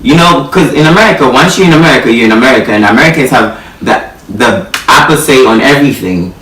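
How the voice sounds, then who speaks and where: A man with a bright, forceful voice moderates a group discussion, with lively swings in pitch. He cuts in often to agree. He is recorded from a distance in an echoey room. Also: quick pace, a little hiss or hum. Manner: frequent affirming interjections.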